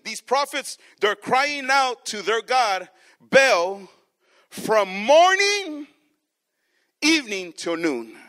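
Slow, very high-voiced male preacher. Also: a bit bright. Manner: calls out to the congregation with questions; reads scripture aloud and stretches key words for emphasis. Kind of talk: sermon.

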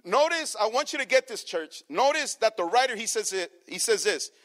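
A man preaching a sermon to his congregation, swinging from soft, low passages to loud, emphatic ones. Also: lively intonation, moderate pace. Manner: addresses the congregation as church. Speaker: pastor.

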